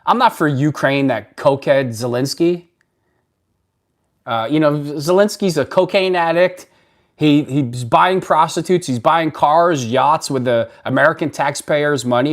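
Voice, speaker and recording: A man hosts a casual live stream, answering viewer comments bluntly and rambling, often restarting his sentences. His voice is on the high side and unhurried.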